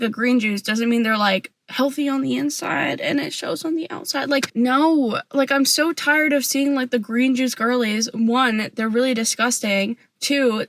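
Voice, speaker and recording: A young woman vlogger giving a sassy, animated opinion rant to camera, full of "like" fillers. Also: high-pitched, dry recording.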